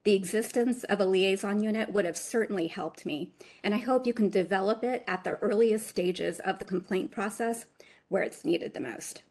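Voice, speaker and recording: A woman's voice: mid-range voice, moderate pace, a little mellow. A woman giving an earnest public comment to a board.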